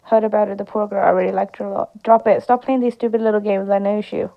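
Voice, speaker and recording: A woman reads out an interactive game's dialogue, giving every character her own voice. Her tone is gravelly and flat, with little melody. The recording sounds a bit dull and lo-fi. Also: mid-range voice, quick pace. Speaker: gameplay streamer. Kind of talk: reading game dialogue aloud.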